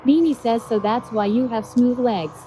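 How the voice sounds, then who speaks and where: A synthetic woman's voice reading viewer chat messages aloud in a flat, even manner. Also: a little high, normal speed, a little hiss or hum. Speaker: text-to-speech chat reader.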